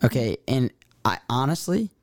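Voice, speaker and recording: A man co-hosting an interview, telling a personal story in a halting way and repeating himself as he goes. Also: mid-range voice, sing-song, no room sound, studio quality. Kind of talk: conversational interview.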